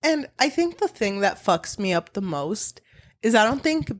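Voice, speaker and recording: A woman's voice: mid-range voice, very animated, moderate pace, dry recording. A woman co-hosting a book podcast in casual chat, candid and opinionated, swearing casually. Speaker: podcast co-host.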